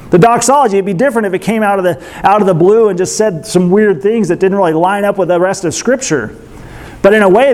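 High-voiced male pastor preaching. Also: a little mellow. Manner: teaching, asks the congregation questions. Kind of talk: sermon.

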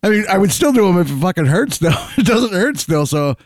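A man's voice: sits high, sing-song, a little fast, dry recording. Profane laughing man, dry close mic. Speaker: podcast co-host. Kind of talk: casual chat.

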